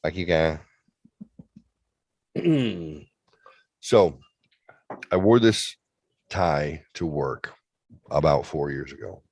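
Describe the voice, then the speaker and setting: A man's voice: very deep voice, animated, very slow, gravelly, long pauses, a little mellow, husky, no echo. A man co-hosting a comedy show over a remote call, telling a bawdy story and acting out the other people's lines with playful relish. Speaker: co-host. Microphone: remote video call.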